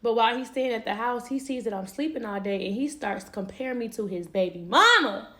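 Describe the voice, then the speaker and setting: Candid young woman, rather high voice. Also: brisk. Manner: candid, animated, swears and laughs often. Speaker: storyteller. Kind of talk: casual storytelling.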